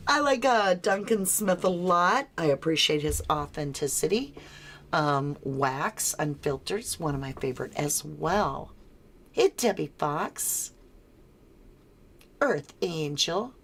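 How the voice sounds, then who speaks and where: A woman's voice: low-pitched, lively intonation, slow pace, pauses often, fairly bright tone. An American woman hosting a casual true crime livestream, reading viewer comments aloud and answering them with frequent chuckles. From United States.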